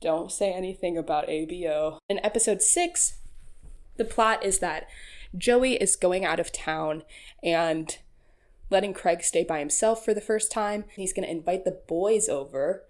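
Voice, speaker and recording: A woman's voice: mid-range voice, unhurried. A woman hosting a casual recap voice-over, chatty and frank, laughing often and using lots of fillers. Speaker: YouTube recap host.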